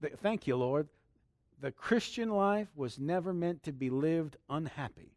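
A man preaching a sermon, exuberant and laughing, swinging between hushed and loud lines. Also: on the high side, unhurried, no room sound. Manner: leads congregation in a loud spoken declaration.

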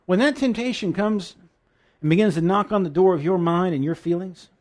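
A man's voice: high voice, brisk, a little mellow. A man preaching a sermon in an earnest, emotional way, often restarting his sentences.

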